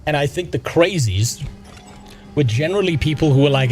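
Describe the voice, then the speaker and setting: A man's voice: a little high, expressive, normal speed, a little mellow. Blunt, profane young man streaming a game. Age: young adult. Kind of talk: casual gaming stream chat. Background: game music.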